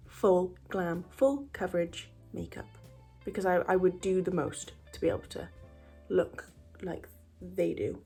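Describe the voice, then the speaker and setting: A woman talks through a makeup tutorial in a put-on American accent, chatty and quick to tease herself. Her voice is warm and mellow, and she slips into whispers now and then. Faint music plays underneath. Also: lowish voice, breathy edge. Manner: chatty, self-teasing, drifts into whispers. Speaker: beauty vlogger. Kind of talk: casual makeup tutorial chat.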